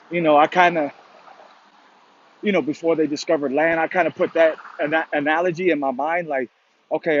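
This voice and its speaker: A man talking in a loose, rambling motivational monologue, full of "you know" and casual swearing. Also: on the high side. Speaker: motivational vlogger. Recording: dull lo-fi sound.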